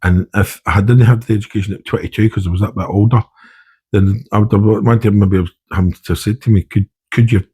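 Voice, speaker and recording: Husky Scottish man, low and dark. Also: steady tone, a little fast. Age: middle-aged. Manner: rambling, with many restarts and "you know". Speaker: army veteran guest. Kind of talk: candid podcast conversation.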